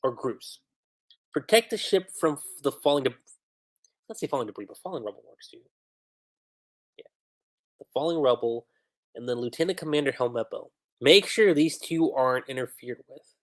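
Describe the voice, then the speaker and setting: A man hosting a livestream, reading manga dialogue aloud and commenting on how two translations differ, acting out the lines with lively emphasis. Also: mid-range voice, normal speed, pauses often. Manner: reads character lines aloud with animated emphasis.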